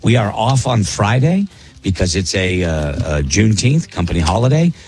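Deep-voiced blunt radio host man. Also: big pitch swings, moderate pace, a little mellow. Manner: blunt, opinionated, plainspoken. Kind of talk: casual radio banter.

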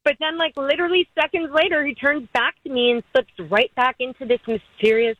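A young woman on a radio call-in line tells her story in an excitable, chatty way. Her voice sits a little high, and the sound is dry and close. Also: fairly quick, dry recording, dull audio. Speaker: caller on a radio show.

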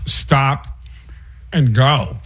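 A man doing an impression of a celebrity, talking in a halting stop-and-go rhythm. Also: mid-range voice, pushed and bright, slightly rough, pitched above the performer's own voice, full character voice. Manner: stop-and-go phrasing with drawn-out pauses.

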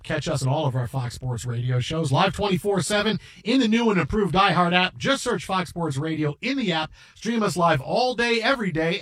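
A middle-aged man hosting a sports radio show, telling stories in an animated, rambling way with many restarts. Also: fairly high pitch. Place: radio studio.

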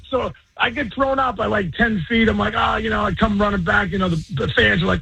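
A man who is a former pro ballplayer, guest on a radio show, telling stories excitedly, repeating words and quoting others in quick little voices. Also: high voice, vocal fry, husky, no echo, rough recording. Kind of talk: animated storytelling on a radio show.

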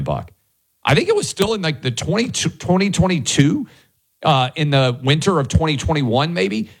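A male talk radio co-host, arguing emphatically and sarcastically while reading diary quotes. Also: mid-range voice.

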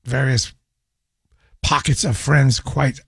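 Hoarse raspy-voiced male radio host. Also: medium pitch, steady tone, slow pace, no room sound, studio quality. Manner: rambling anecdotal storytelling with restarts. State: hoarse, scratchy voice after a cold. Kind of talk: casual call-in radio chat. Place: radio studio. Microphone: studio microphone.

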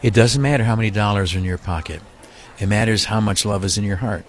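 A man with a fairly low voice pleads earnestly over a studio microphone during a live radio charity drive. He stammers, repeats himself and fills gaps with hesitations as he urges listeners on. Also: fast talker. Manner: earnest, repetitive pleading with frequent stammers and fillers. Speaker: radio host running a hospital fundraiser.

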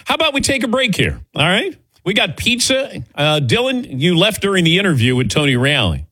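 A man's voice: high-pitched, sing-song, pushed and bright, husky. A middle-aged man hosting a sports talk show in a studio, chatting loosely and joking with his crew. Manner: loose, joking, reads ad copy briskly. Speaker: radio and TV sports show host. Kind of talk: casual sports radio chat. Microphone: studio microphone.

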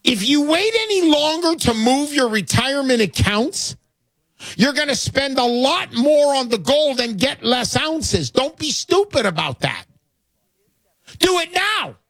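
A man's voice: very high-pitched, big pitch swings, a little slow, a bit bright, dry recording. A man hosting a call-in talk show, selling gold with brash, pushy salesman patter. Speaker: radio show host.

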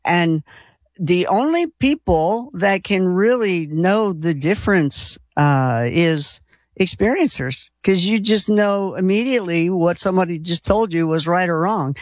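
A man's voice: high voice, dry recording, clean studio sound. A man hosting a call-in radio talk show, chatty and affirming, laughing easily. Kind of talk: casual radio interview.

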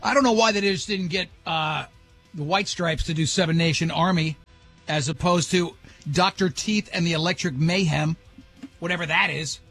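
Guy hosting morning radio, kinda high voice, rambly jokey banter. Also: normal speed, fairly bright tone, husky, soft background music. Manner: loose, joking, rambling. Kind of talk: casual on-air banter.

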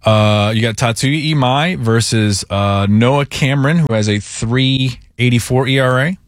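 A man co-hosting a sports talk show, animated and joking, quick to tease. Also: mid-range voice, no echo, clean studio sound. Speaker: sports radio co-host.

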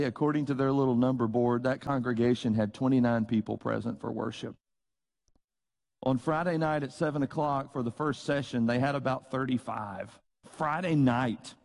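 A middle-aged Southern preacher from Tennessee delivers a sermon in an earnest, conversational way. His voice sits at an ordinary male pitch, and he breaks into folksy sayings and little acted-out exchanges. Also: darkish tone.

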